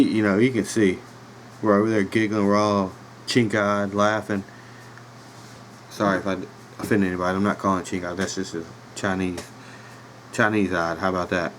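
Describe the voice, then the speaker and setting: A man in his thirties with a relaxed Virginia accent spins a rambling podcast story full of fillers and side remarks. His voice sits on the low side. A faint air conditioning hum runs underneath the home recording. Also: poor audio. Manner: laid-back rambling with fillers and laughs. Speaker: podcast host. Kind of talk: casual storytelling. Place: home room with a dog nearby.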